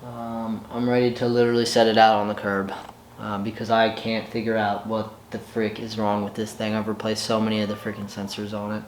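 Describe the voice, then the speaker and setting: A man talking casually in a home garage vlog as a motorcycle mechanic, exasperated and excitable, with a rambling way of talking. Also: fairly low pitch, a little fast, slight background noise.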